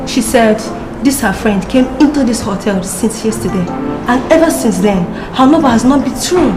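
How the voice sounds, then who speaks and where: An actress with a Nigerian accent playing a calm, polite hotel receptionist with a measured manner. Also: female voice, on the high side, lightly acted. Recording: echoey room with loud music.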